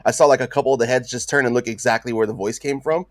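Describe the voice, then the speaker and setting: Animated man retelling, dry close mic. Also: medium pitch, very fast, no echo. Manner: animated storyteller, acts out his own reactions. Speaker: podcast panelist. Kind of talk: casual chat.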